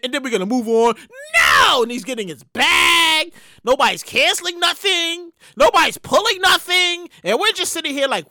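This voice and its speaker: A woman hosting her own show rants with indignant energy, her voice very high, bright and sharp, and it swings all over the place. She swears, repeats herself and keeps circling back to her point. The sound is dry and close. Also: expressive, moderate pace, no echo. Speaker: show host. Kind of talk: ranting commentary.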